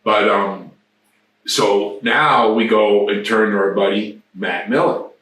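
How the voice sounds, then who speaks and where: A man's voice: lowish voice, fairly even intonation, slow pace, a bit bright. A man in his sixties telling rambling, profane anecdotes as an interview guest. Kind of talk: casual storytelling. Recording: very echoey room, distant mic.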